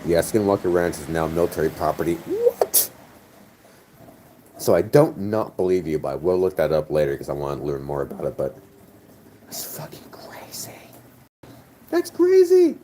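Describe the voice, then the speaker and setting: A man's voice: extremely low pitch, a little fast, dark tone, slight background noise. A tipsy man chatting casually on a stream, rambling, joking and swearing, his words slightly slurred. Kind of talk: casual chat.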